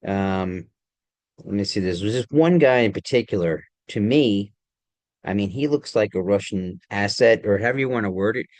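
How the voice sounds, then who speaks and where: A man's voice: fairly low pitch, no echo. Tired man rambling with many fillers. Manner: halting, many fillers and restarts. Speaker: vlogger. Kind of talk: casual talk to camera.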